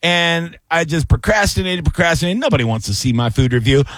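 A man's voice: a little high, animated, a little fast, a bit bright. A man chatting casually as a co-host, telling a long story at an easy pace with lots of fillers and restarts. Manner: laid-back storyteller, many fillers and restarts. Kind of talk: casual chat.

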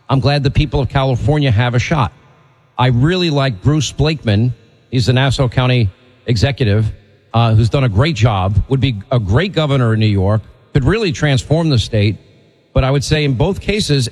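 A middle-pitched male talk radio host with a blunt, opinionated delivery. He banters with callers and pushes his views hard. His voice carries a long reverb tail. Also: a little mellow.

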